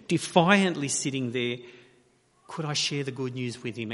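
A man preaching a sermon, measured and emphatic, asking rhetorical questions with long pauses. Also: mid-range voice, bright, forceful tone. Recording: reverberant hall.

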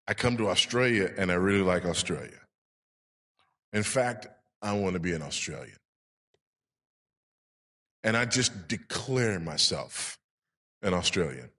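A man's voice: low voice, lively intonation, unhurried, pauses often, fairly bright tone. A male pastor preaching a sermon with emphasis, putting rhetorical questions to his congregation. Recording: long reverb in a large hall.

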